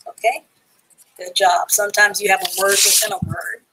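A woman's voice: mid-range voice, very animated, moderate pace, vocal fry, background noise. A woman teaching a live online reading class, sounding out and spelling words letter by letter.

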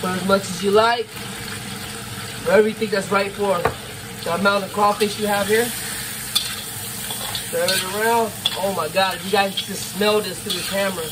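A middle-aged man casually talking viewers through cooking crawfish outdoors, savoring the food with drawn-out mms. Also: high voice, steady tone, very noisy. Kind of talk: casual cooking vlog talk. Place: outdoors at a campsite.

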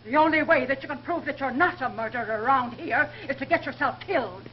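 A woman's voice: high voice, fast talker, close to an everyday voice. An actress playing a prim, huffy woman who speaks emphatically, in a 1930s film. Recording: dull, hissy 1930s film soundtrack.

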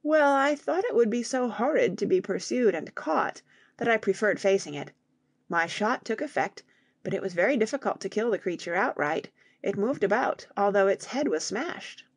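A woman voicing an excitable teenage boy in an audiobook, exclaiming and lively. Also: mid-range voice, moderate pace, dry recording, clean studio sound. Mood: proud.

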